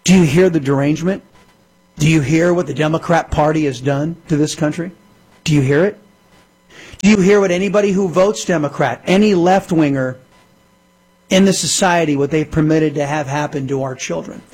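A man hosting talk radio in a studio, hammering his points with indignant repetition. His voice sits a bit high and has a husky, slightly rough texture. He sounds emphatic throughout. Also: moderate pace, a little mellow. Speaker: radio talk show host. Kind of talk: political talk radio monologue.

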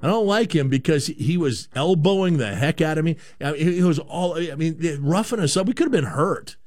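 A man's voice: a little high, animated, a little fast, darkish tone, no room sound, studio quality. A man born in Canada hosting a sports talk show, giving a rambling, opinionated monologue with lots of repeated words.

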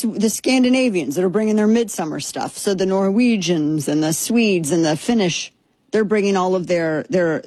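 Woman doing opinion commentary, kinda low and husky, dry close mic, rambly and snarky. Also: darkish tone, dry recording. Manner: chatty, sarcastic, rambling. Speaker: commentary show host.

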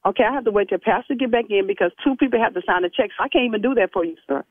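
A man's voice: high-pitched, breathy edge, no echo. A man voicing a stern, sassy church secretary who scolds and preaches at a caller in a comedy phone skit, over a tinny phone line. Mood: patient, curt. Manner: scolding, preachy, quick to take offense. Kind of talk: comedic prank phone call.

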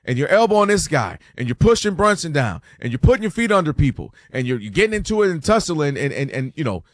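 A man hosts a casual sports debate show and argues his take with energy. His voice sits a little high for a man, and it is recorded dry and close. He keeps dropping into quick, higher-pitched impressions of fans and players. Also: no echo. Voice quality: animated, acts out quoted fans and players in a higher voice. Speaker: sports talk show host.

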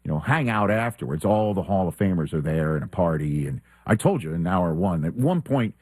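A man hosting a sports talk show, telling a lively anecdote and acting out the quoted exchanges. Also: low-pitched, brisk, husky, no echo. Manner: animated storyteller who acts out quoted exchanges.

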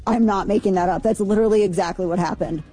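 A woman's voice: medium pitch, steady tone, fast talker, over music. A woman hosting a radio talk show, running through news items in a chatty, rambling way, full of fillers and asides. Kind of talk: casual news chat.

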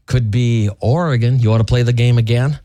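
In a radio studio, a male host with a mellow, mid-range voice and steady tone, speaking a little fast, quizzes his co-hosts. It's casual radio banter, playful and teasing, with a dry recording.

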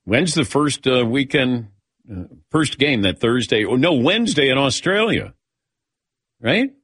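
A man's voice: medium pitch, sing-song, a little slow, a bit bright, husky, dry recording, studio quality. A man hosting a sports talk show, chatting casually and calling on his crew by name with frequent chuckles.

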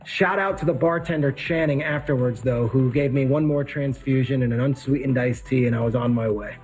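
A man hosting a podcast, joking and giving shout-outs as he signs off the show. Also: mid-range voice, a little fast, faint music behind. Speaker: podcast host. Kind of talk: casual podcast sign-off.

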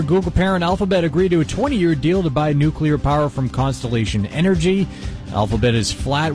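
Crisp male market news anchor. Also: a little high. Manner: brisk, crisp newsreader delivery. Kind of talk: scripted market news report.

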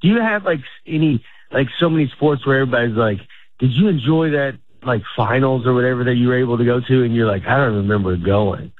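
A man's voice: mid-range voice, fast talker, dry recording. A middle-aged man, a stand-up comedian, chatting casually in an interview, rambling and restarting his sentences, laughing often. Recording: tinny phone-like sound.

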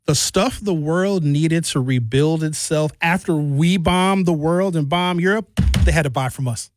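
A man from Wisconsin doing a stand-up comedy rant, animated with sarcastic asides. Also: on the high side, unhurried, dry recording. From Wisconsin, USA.

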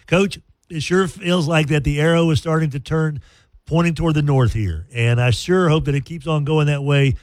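A man's voice: fairly high pitch, moderate pace, dry recording. Chatty man on sports radio. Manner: chatty, folksy, animated storytelling. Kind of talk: casual sports radio talk.

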